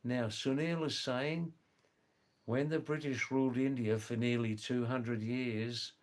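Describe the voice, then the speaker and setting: Speaking indoors during a power cut, a man hosts a casual livestream, reading comments, greeting viewers by name and laughing often. His voice is medium in pitch, steady and unhurried.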